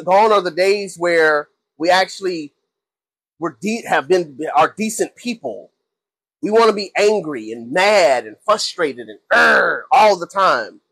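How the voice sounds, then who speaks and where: A man's voice: high-pitched, fairly bright tone, slightly rough, no echo, low-quality recording. A man hosting a faith talk show, talking casually and preaching, often repeating himself and acting out angry people. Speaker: host.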